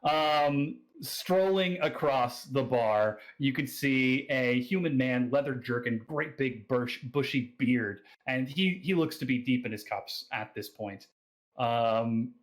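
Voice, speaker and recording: An Australian man runs a tabletop fantasy game, describing scenes at a middling pitch. He halts often with fillers and restarts as he narrates. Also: rough recording. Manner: hesitant, many fillers and restarts. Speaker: game master.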